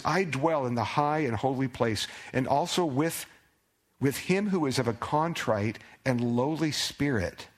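Guy preaching a sermon, chatty, mid voice, gets punchy quoting god. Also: mid-range voice. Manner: conversational, voices God's words with rising emphasis. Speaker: pastor.

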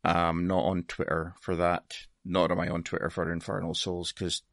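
A man's voice: deep voice, flat delivery, moderate pace, vocal fry, fairly bright tone, no echo, studio quality. A Scottish man chatting casually on a podcast, laughing often and swearing in a self-deprecating way. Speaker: podcast guest presenter. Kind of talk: casual chat.

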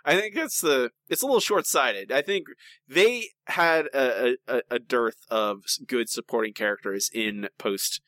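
A man co-hosting a podcast, chatting casually and opinionatedly while he circles back over his points. His voice is lively and bright, and the sound is dry. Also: medium pitch, a little slow, no room sound. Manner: animated, rambling, opinionated, with many restarts. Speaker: podcast co-host. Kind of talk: casual chat.

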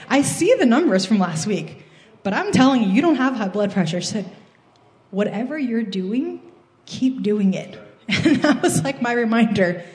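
A woman's voice: fairly high pitch, a little mellow, reverberant. A woman giving an earnest personal testimony in church, telling her story and quoting her own prayers.

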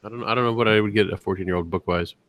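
A man's voice: lowish voice, rapid-fire, a bit bright, no room sound. A man co-hosting a casual podcast, joking and profane, often slipping into put-on voices. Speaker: podcast co-host. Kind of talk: casual chat.

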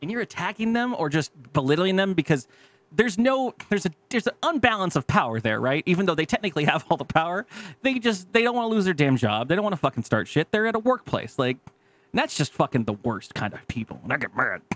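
A man co-hosting a podcast, telling stories in casual chat with lots of swearing and a self-deprecating, animated manner. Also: a little high, quick pace, dry recording. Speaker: podcast co-host.

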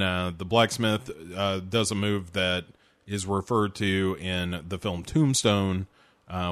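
Low-voiced man chatting loosely about films. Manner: rambling, relaxed, many fillers. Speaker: podcast host reviewing films. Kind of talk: casual chat.

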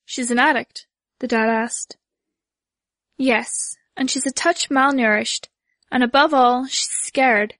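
A woman narrating a first-person story in a measured way, voicing the dialogue lightly. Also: high voice, steady tone, a bit bright, dry recording. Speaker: audiobook narrator.

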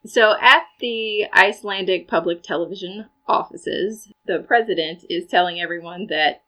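A woman co-hosting a casual podcast, retelling a film's plot in a chatty, animated way with side comments. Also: on the low side, moderate pace, few pauses, highs cut off. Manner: chatty, animated storytelling with asides. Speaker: podcast co-host recapping a film. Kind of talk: casual chat.

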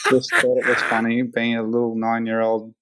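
An Australian man, a hang glider pilot, telling a story as a guest in a casual interview, full of fillers and lively quoted voices. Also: medium pitch, moderate pace, no room sound, poor audio. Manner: rambling, many fillers, animated quoting.

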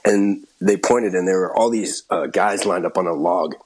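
A man's voice: low-pitched, moderate pace, low-quality recording. A middle-aged actor telling a long anecdote in a casual interview, laughing and restarting as he goes. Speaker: actor and guest.

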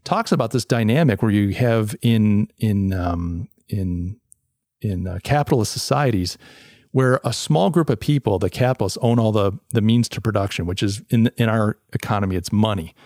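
A male podcast host reviews a paper on a solo talk show, speaking loosely and conversationally, often restarting sentences and acting out quoted voices. His voice is on the low side, a little mellow, at normal speed, recorded in a studio with no echo.

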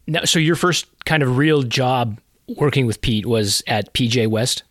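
A man's voice: mid-range voice, a little slow, fairly bright tone, no room sound, studio quality. A man hosting an interview, asking brief supportive questions. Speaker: interviewer, host.

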